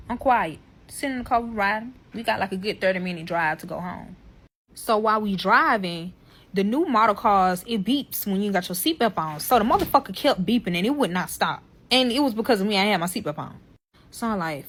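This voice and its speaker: A woman's voice: mid-range voice, animated, normal speed, a bit bright. A young mother telling a heated, profane storytime to her viewers, acting out both sides of the arguments. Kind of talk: casual storytime monologue.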